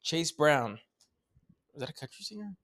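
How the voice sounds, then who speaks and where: A man's voice: on the high side, animated, moderate pace, creaky, fairly bright tone. A man co-hosting a sports podcast, bantering casually with joking, profane picks. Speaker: podcast co-host.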